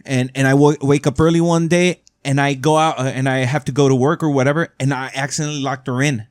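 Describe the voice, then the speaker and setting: A man's voice: mid-range voice, fairly even intonation, fast talker, no echo, studio quality. A man hosting a podcast, telling a story in a rambling way and often asking "right?". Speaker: podcast host. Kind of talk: casual storytelling.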